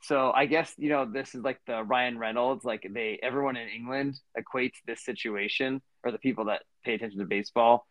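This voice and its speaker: A man's voice: mid-range voice, fairly even intonation, brisk, hardly any pauses, fairly bright tone, dry recording. A man in his thirties co-hosting a podcast, telling a long story in a rambling way with lots of fillers and restarts. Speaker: podcast co-host. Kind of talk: casual storytelling chat.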